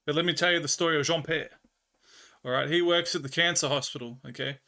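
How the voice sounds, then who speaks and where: A man's voice: a little high, steady tone, quick pace, pushed and bright. A man with an Australian accent chatting with viewers on a live stream, telling rambling stories and laughing often. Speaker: livestreamer. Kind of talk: casual chat with viewers.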